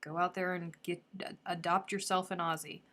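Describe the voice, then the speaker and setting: A woman hosting a casual live craft stream, chatting effusively and dropping now and then into soft murmurs. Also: lowish voice, level tone, normal speed. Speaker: crochet livestream host.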